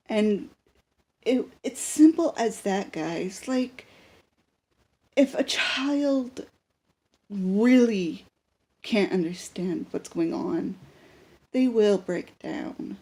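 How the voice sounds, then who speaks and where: A woman's voice: mid-range voice, lively intonation, drawn-out words, pauses often, warm tone, slightly rough. A young woman talking unscripted to a handheld camera in a personal vlog, rambling with lots of fillers and restarts. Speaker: vlogger.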